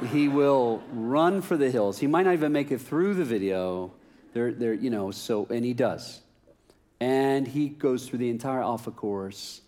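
Animated man preaching a personal story. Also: mid-range voice. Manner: animated, self-mocking, acts out dialogue with rising laughter. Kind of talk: sermon storytelling.

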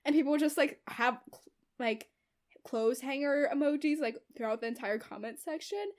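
A woman's voice: high voice, animated, moderate pace, darkish tone. A young woman in casual chat, retelling a story animatedly with lots of fillers and giggles.

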